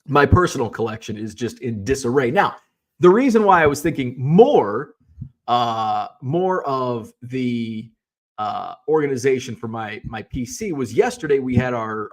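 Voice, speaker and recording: Rambling middle-aged man telling a story. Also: mid-range voice. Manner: rambling, many fillers and restarts, swears casually. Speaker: card collector and seller. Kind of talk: casual storytelling vlog. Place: home basement shipping room.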